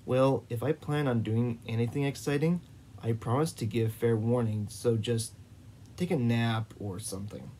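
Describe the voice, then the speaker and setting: Snappy sarcastic young woman, read by a guy, mellow voice. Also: medium pitch, steady tone, normal speed, a little hiss or hum, natural voice.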